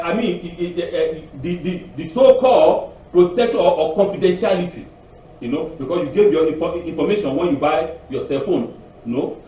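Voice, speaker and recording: High-voiced man preaching in an echoey room. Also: distant mic. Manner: animated storytelling, acts out phone calls with raised voice; repeats words and restarts often. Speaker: rabbi giving a Torah portion talk. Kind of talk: informal sermon. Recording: echoey room, off-mic, dull sound.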